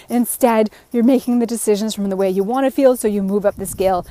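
A woman's voice: a little high, fairly even intonation, fairly quick, hardly any pauses, a little mellow, dry recording. A woman giving an earnest, encouraging self-help talk, speaking in long run-on sentences as a life coach. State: a bit out of breath.

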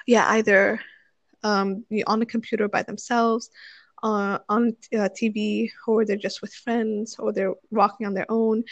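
A young woman with a medium-pitched voice chats casually, recorded with no room sound. She gives marriage advice while thinking aloud, with many fillers and restarts.

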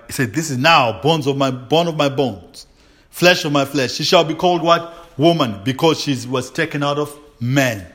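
Man preaching with bright, ringing tone. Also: fairly high pitch. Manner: call-and-response questions, laughing, exuberant shouts. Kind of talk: sermon.

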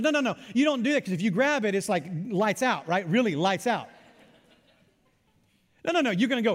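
High-voiced man preaching in a reverberant hall. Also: a little fast. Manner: animated, acts out imagined voices of the listeners. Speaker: pastor. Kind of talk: sermon.

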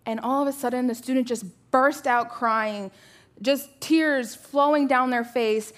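Animated woman preaching a sermon. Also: high-pitched, unhurried. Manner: conversational, animated storytelling with rhetorical questions. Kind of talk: sermon with personal stories.

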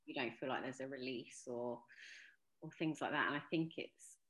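Low-voiced woman talking earnestly in an echoey room. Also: moderate pace, a bit bright. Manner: earnest, reflective, with frequent ums and restarts. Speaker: podcast guest, mental health advocate. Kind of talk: casual podcast interview.

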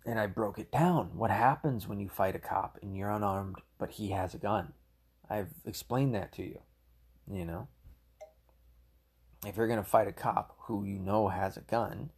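A low-voiced man rants through his commentary, heated and rambling, cursing freely. His voice is gravelly and husky. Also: a little mellow. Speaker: political commentator. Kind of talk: ranting solo commentary.

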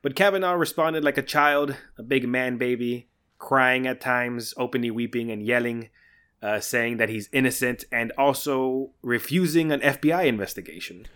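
A man's voice: mid-range voice, a bit bright. Indignant man chatting casually. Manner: indignant, laughing, fast restarts. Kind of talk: casual chat.

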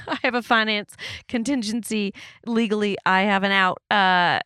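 A woman's voice: mid-range voice, steady tone, moderate pace, bright, forceful tone, clear, resonant tone, no echo, studio quality. A woman hosting a podcast in casual chat with a friend, candid, laughing often and swearing freely. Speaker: podcast host.

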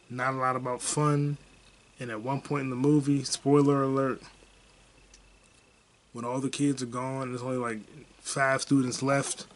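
Young guy podcast host rambling about a movie, mid pitch, chill, swears a bit. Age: young adult. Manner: rambling, profane, laid-back. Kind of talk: casual movie review chat.

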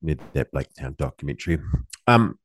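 A man's voice: rumbling low, expressive, brisk, dry recording, clean studio sound. A man co-hosting a podcast in casual chat, laid-back and sweary with lots of ums. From New Zealand. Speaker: podcast co-host.

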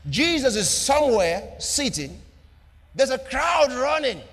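A man preaching a sermon with an emphatic, repetitive cadence, swinging between loud declarations and soft asides. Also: very high-pitched, big pitch swings, slow pace, husky, in a large hall. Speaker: pastor.

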